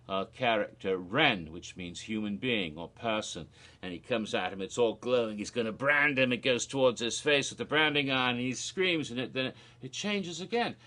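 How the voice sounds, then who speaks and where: A man casually retelling a spooky promo video for his vlog in an animated, rambling way, with fillers and restarts. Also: on the low side. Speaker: theme park vlogger.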